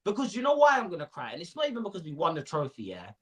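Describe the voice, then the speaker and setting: A man's voice: high-pitched, huge pitch swings, rapid-fire, breathy edge. A young man, ranting animatedly in casual football chat on a panel show.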